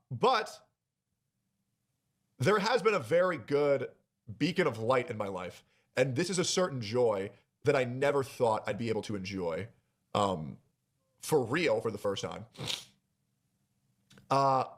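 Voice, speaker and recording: A man speaking to his stream audience, nervous and emotional, stopping often and filling gaps with ums. His pitch sits in an ordinary male middle range. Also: fairly bright tone. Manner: hesitant, emotional, many pauses and fillers. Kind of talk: personal announcement on stream.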